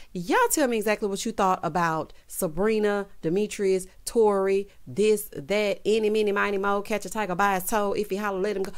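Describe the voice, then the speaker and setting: A woman with a mid-range voice recaps a reality dating show for her viewers. She is sassy and animated, sprinkling in "child" and "honey" and leaping up in pitch whenever she wants to drive home a point. The delivery sounds like an unscripted chat. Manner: swoops high in pitch for emphasis. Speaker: TV recap vlogger.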